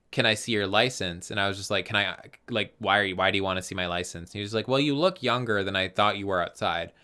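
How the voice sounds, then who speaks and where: Podcast co-host, man in his twenties, lowish voice, animated and profane storyteller. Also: clear, resonant tone. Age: 20s. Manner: animated storytelling, swears freely. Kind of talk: casual chat.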